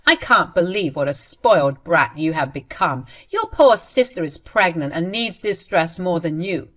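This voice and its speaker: A spoiled, boastful young woman, read by a woman narrator in a storybook drama. She taunts with a bratty, mocking edge. The voice stays in the narrator's fairly low range. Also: very animated, normal speed, a bit bright. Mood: taunting.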